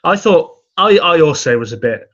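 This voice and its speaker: A young man co-hosting a podcast, talking in a laid-back, halting way with dry humor. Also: on the high side, lively intonation, fairly bright tone. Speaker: podcast co-host. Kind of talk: casual chat. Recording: slightly dull, muffled sound.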